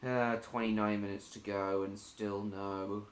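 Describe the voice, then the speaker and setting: A man's voice: on the low side, flat delivery, a little slow, echoey room, slight background noise. A man hosting a casual live stream, reading viewer messages aloud and answering them.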